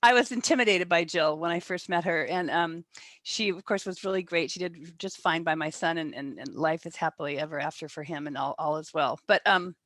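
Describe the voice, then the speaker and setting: A middle-aged woman giving a casual, heartfelt spoken tribute, telling a personal story in a warm, anecdotal way. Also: low voice, brisk, no echo. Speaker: league member giving a tribute.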